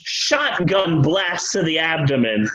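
A man's voice: a little high, big pitch swings, takes it slowly, a bit bright, low-quality recording. A man casually telling a comic history story, loose and profane, slipping into the voices of the people in it.

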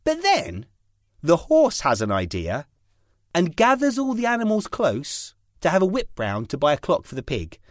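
British male co-host, 30s, wry, lively delivery, dry mic. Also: fairly high pitch, moderate pace, no echo. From United Kingdom. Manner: wry, mock-indignant storyteller. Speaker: podcast co-host. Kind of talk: casual chat.

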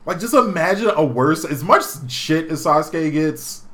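Animated young man talking games. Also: unhurried. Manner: animated, swears a lot, acts out quoted characters in high voices. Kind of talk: casual gaming chat.

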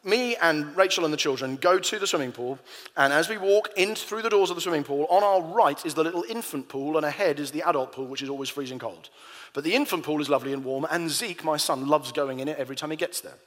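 A man's voice: on the high side, fast, a bit bright, big-room sound. A pastor preaching a sermon in a conversational way, telling personal stories to his congregation.

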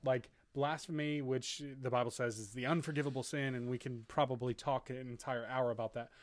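A man's voice: medium pitch, steady tone, a little fast, no echo. A man co-hosting a casual Bible discussion, asking questions and affirming.

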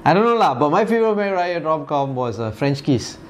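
A man's voice: on the high side, big pitch swings, fairly quick. Malaysian man, 40s, casual rambling co-host, slightly raised voice, faint room hum. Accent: Malaysian English. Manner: rambling, laughs often, trails off with fillers. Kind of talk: casual chat.

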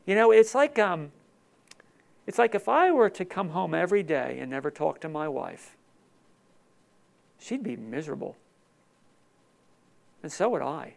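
A male pastor with a high, gravelly voice delivers an emotional sermon. He swings from loud, emphatic declarations to hushed, tender lines, close to tears. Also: expressive, measured pace, pauses often. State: tearful.

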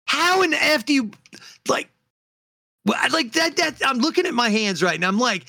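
A man co-hosting a podcast in loose, joking banter, his voice high and bright with big swings in pitch. He laughs a lot and keeps slipping into goofy voices, recorded close and dry. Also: big pitch swings, moderate pace, gravelly, long pauses, no echo. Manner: jokey, laughs often, slips into silly voices. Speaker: podcast co-host.

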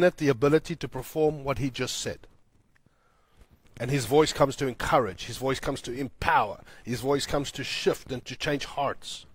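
A man preaching a sermon as pastor, repeating lines for emphasis, building loud and high, then dropping soft and low. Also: normal speed, husky, no room sound. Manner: swells louder and higher when building to a point, then drops soft and low.

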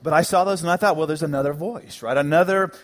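High-voiced pastor preaching. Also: male voice, quick pace. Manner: animated, joking preacher with emphatic repetitions. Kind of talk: sermon. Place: church sanctuary.

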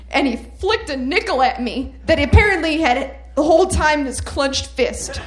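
A woman performing stand-up on a comedy stage, telling a story with deadpan mock-earnest delivery into a handheld mic. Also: high voice, normal speed, hardly any pauses. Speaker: comedy debate contestant. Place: comedy stage with live audience.

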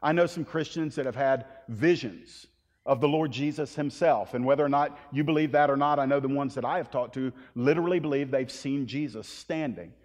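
A man's voice: mid-range voice, fairly quick. Man preaching in an echoing church. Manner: rises to loud, emphatic proclamation when reading scripture. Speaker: pastor. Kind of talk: sermon. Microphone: handheld or stage mic. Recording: long hall reverb.

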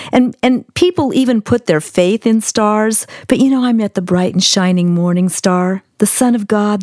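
A woman's voice: medium pitch, a little mellow, no echo. A woman hosting a Christian radio interview in a studio, speaking in an earnest, encouraging way. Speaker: host.

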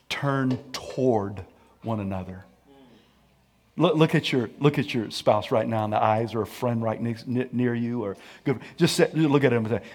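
A man preaching a sermon, leading the congregation in call-and-response and swinging from hushed to shouted lines. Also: medium pitch. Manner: sings and hums snatches of a song. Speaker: pastor.

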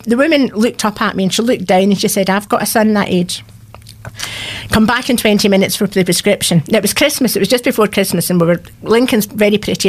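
A woman in her sixties, a radio guest telling a personal faith story in an earnest, heartfelt way, her voice sometimes cracking. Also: medium pitch. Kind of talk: radio interview, personal testimony.

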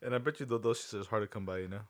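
A man in casual chat, mostly giving short reactions and asking quick questions. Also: fairly low pitch.

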